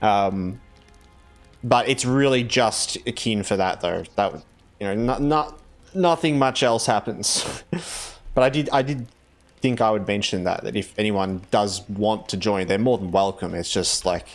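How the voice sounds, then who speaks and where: A man's voice: on the low side, a little slow. A man streaming a game, chatting casually in a rambling way, full of fillers and restarts. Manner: rambling, filler-heavy, self-correcting. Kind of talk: casual live-stream chat while playing.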